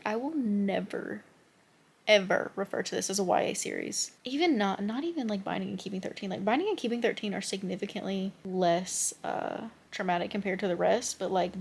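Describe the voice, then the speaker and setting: A young woman in her twenties talks casually to camera in a reading vlog. She gets animated and heated as she rants, with her pitch sitting right in the middle of the range. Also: gravelly, breathy edge. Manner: expressive, ranting. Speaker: book vlogger.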